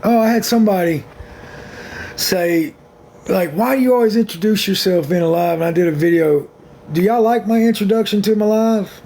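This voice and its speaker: A man's voice: high voice, moderate pace, creaky, a little mellow, slight background noise. A man hosting his own livestream, talking in a blunt, frank and rambling way to viewers on a phone. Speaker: livestream host. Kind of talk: casual livestream chat.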